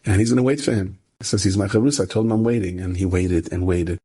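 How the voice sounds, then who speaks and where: A rabbi telling a story in an animated sermon style, repeating phrases for emphasis and jumping into high voices for the characters. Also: male voice, fast talker, husky. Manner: animated, acts out characters with sudden high-pitched quoted voices.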